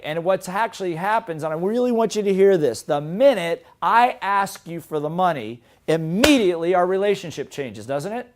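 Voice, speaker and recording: Male motivational coach, slightly raised pitch, lively and emphatic with rhetorical questions. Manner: animated, swings between quiet and emphatic. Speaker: business coach. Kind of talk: motivational seminar lesson.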